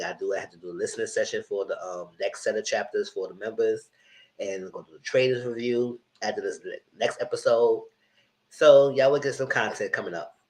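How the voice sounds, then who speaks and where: Chatty thirties man, fairly low voice. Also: poor audio. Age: 30s. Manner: chatty, greets viewers, talks to them directly. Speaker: live-stream TV review host. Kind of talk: casual live-stream chat.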